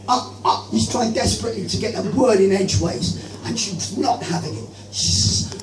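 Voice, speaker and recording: A man doing open-mic stand-up, telling stories in a rambling, self-deprecating way full of halting restarts. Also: sits high. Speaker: stand-up comedian. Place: open-mic comedy venue. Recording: echoey room, far from mic, loud music.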